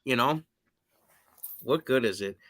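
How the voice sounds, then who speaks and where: Male podcast host, casual and chatty, bright forceful tone, dry close sound. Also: medium pitch, expressive, slow pace, no room sound. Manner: laughs easily, reads viewer comments aloud. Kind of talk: casual live-stream interview.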